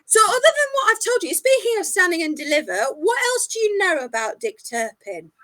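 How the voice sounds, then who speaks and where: A woman's voice: extremely high pitch, very animated, fairly quick, bright, forceful tone. A woman tour guide telling a history story in a jokey, self-mocking casual chat, a little tipsy. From England.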